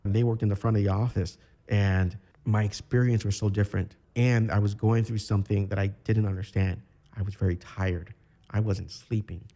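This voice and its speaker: A man from Chicago, a podcast guest, telling his own story in a candid, reflective way with halting restarts. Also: fairly low pitch, steady tone, warm tone. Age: 30s. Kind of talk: personal storytelling interview.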